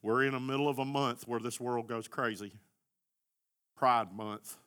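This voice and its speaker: Middle-aged male pastor, fervent sermon delivery, bright tone. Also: medium pitch, fairly even intonation, unhurried, clean tone. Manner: impassioned, shouting at peaks.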